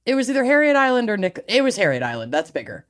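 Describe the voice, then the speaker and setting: A woman's voice: a little high, sing-song, racing. A woman co-hosting a podcast in casual chat. She is chatty, laughs often and trails off mid-sentence. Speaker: podcast co-host.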